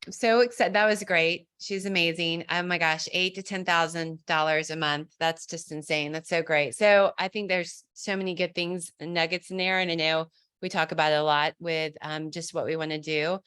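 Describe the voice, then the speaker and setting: A woman's voice: on the low side, a bit bright, clear, resonant tone. A woman hosting a casual team video call, upbeat and chatty.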